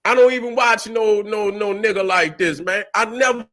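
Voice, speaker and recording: A man's voice: high-pitched, normal speed, fairly bright tone. Profane, preachy man ranting. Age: middle-aged. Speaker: commentary channel host. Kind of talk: ranting commentary.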